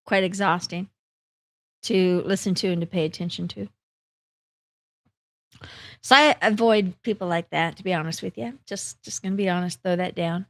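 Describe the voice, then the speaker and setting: A woman's voice: fairly low pitch, fairly even intonation, a little slow, pauses often, no echo. A woman life coach and hypnotherapist talking casually and candidly, telling stories to her audience. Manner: candid, chatty storyteller.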